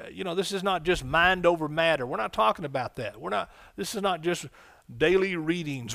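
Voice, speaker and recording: Exuberant preacher, raised pitch. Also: male voice, creaky. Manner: exuberant, bursts of shouted exclamations. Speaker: pastor. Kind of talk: sermon.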